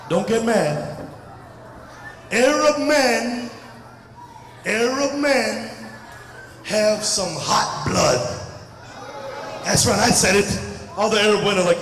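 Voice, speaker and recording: A male stand-up comedian doing loud, animated crowd work. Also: sits high, takes it slowly, pauses often, slight background noise. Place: large crowded festival hall. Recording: echoey hall, far from the mic.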